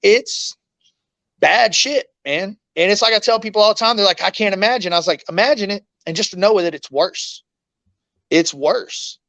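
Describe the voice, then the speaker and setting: A man's voice: high-pitched, normal speed, pushed and bright, no room sound. A man, an interview guest telling a painful story in raw, blunt words, swearing often and acting out what others said.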